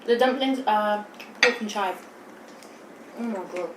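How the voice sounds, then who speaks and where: A woman's voice: medium pitch, measured pace. A young woman chatting while she eats in a mukbang video, giggly and slightly out of breath. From United Kingdom. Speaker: vlogger. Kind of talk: mukbang chat. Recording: echoey room with background noise.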